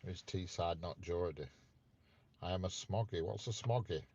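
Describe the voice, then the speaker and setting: Man host, very low voice, teasing casual live-chat delivery, dull lo-fi stream sound. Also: moderate pace, darkish tone. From north of England. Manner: chatty, teasing, playful questions to viewers. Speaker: livestream host chatting with viewers.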